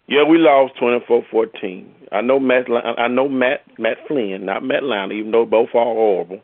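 A man's voice: mid-range voice, moderate pace, no room sound. Male fan caller, angry profane rant, dry phone-quality audio. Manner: angry, profane, rising in heat. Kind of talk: ranting sports fan message. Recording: dry tinny phone-like line.

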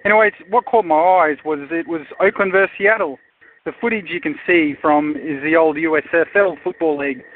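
Australian man, caller, sardonic rambling, slightly high voice, tinny phone line, faint hiss. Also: fairly quick.

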